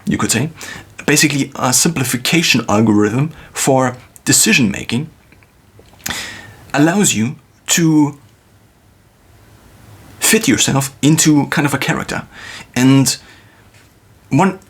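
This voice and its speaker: A man thinking aloud in a reflective solo monologue, musing with pauses and restarts, recorded on a phone. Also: medium pitch, fairly bright tone, slightly rough. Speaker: video creator.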